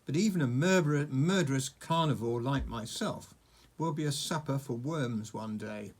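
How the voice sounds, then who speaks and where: A man's voice: mid-range voice, normal speed, natural voice. A man voicing a huge, cheerful and menacing male dragon who talks in a pompous, condescending way.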